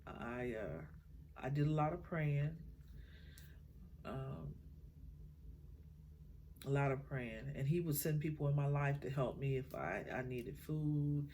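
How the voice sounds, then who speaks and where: Emotional woman telling her story softly. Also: rumbling low, a little hiss or hum. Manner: emotional, halting, many fillers. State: tearful at times. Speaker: mother sharing her story. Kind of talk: heartfelt personal talk.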